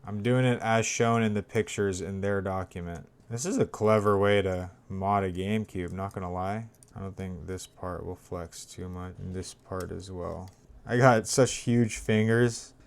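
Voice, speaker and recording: Low-voiced man muttering through a repair. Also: steady tone, moderate pace, creaky, clear, resonant tone. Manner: mutters while working, grows frustrated and swears. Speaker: tech vlogger. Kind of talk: casual hands-on narration.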